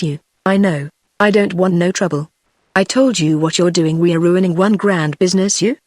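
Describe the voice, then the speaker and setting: A man's voice: sits high, no room sound. Sly male mob boss, synthetic read, dry studio sound. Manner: sly, taunting, then snarling. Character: smooth-talking male gang boss, mocking and menacing. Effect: text-to-speech.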